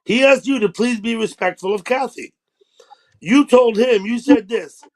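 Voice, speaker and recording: A man hosting a livestream, calmly and firmly repeating his point to an upset viewer. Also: extremely high pitch, normal speed. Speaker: livestream host. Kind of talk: calm mediation.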